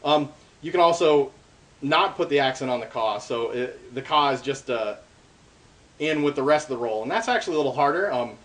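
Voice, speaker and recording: Drumming fills the gaps as this darbuka teacher casually walks through hand-drum rolls step by step, leaning on lots of ums and uhs. His voice is mid-range and a little fast, with background noise present.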